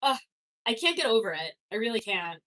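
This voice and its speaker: A woman's voice: fairly high pitch, big pitch swings, fairly quick, sharp tone. A young woman from Canada chatting casually on a livestream, reading chat comments, swearing and laughing easily.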